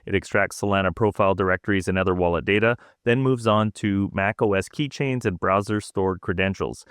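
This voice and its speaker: A man co-hosting a cybersecurity podcast, reading prepared intel notes in a dry, steady way. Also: sits low, fairly quick, smooth, no room sound. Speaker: podcast co-host.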